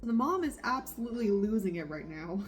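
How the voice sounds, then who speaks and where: A woman's voice: mid-range voice, big pitch swings, brisk. Chatty young woman book vlogger. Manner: chatty, laughing reactions to the story. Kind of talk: casual reading vlog chat. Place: home in the countryside.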